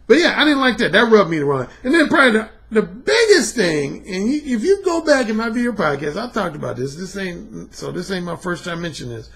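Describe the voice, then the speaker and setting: A middle-aged man holds forth on his own podcast in a casual, blunt monologue. His voice sits high and gravelly, and his pitch swings all over as he hammers his points home with profanity. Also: fairly quick, hardly any pauses. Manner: emphatic, blunt, profane, animated. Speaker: podcast host and dating coach.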